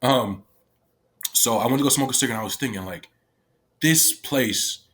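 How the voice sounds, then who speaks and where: A man giving a candid personal account of his time as a youth detention worker, halting and restarting often and swearing freely. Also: mid-range voice, a bit bright. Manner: profane, halting speech with many restarts.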